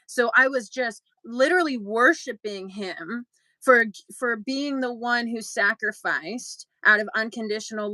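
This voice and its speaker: A young adult woman co-hosting a podcast tells a story in casual chat, acting out quotes with big jumps in pitch. Her voice is pushed and bright, and the audio is poor but has no echo.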